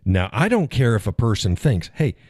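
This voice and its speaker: A man's voice: lowish voice, big pitch swings, normal speed, darkish tone, dry recording, clean studio sound. A man hosting a casual livestream, rambling and chuckling as he answers viewers in the chat. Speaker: live stream host.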